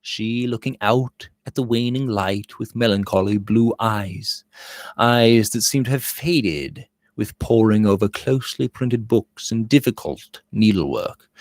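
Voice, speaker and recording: Guy reading a victorian novel, voice goes all over the place, dry close sound. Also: no room sound. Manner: voices dialogue with rising pitch and volume. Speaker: audiobook reader.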